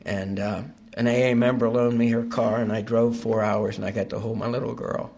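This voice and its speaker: An older man giving a personal recovery testimony at a meeting, halting with frequent fillers and wry self-deprecating humor. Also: lowish voice, flat delivery, vocal fry, a little mellow.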